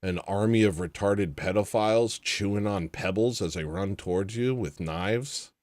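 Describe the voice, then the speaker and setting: A man's voice: on the low side, moderate pace, darkish tone, no echo. A man hosting a livestream, chatting casually and making dry, sardonic asides. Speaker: livestream host. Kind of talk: casual chat reading viewer comments.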